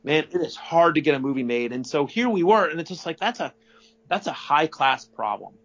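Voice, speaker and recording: On dull, lo-fi audio, a middle-aged interview guest with a slightly high, brisk voice and some vocal fry recounts a story. His casual delivery is animated and rambling, full of restarted sentences, self-corrections and occasional profanity.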